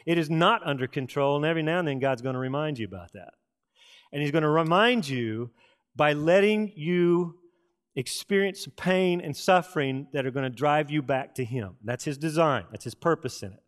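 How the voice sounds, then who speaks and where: A middle-aged man preaching a sermon from Texas, telling folksy stories with dramatic pauses and asides. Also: fairly high pitch. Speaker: pastor.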